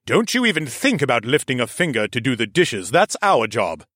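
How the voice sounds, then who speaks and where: A man's voice: mid-range voice, very animated, normal speed, a bit bright, no echo, studio quality. A man voicing a boisterous local man in an audiobook, speaking emphatically. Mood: insistent.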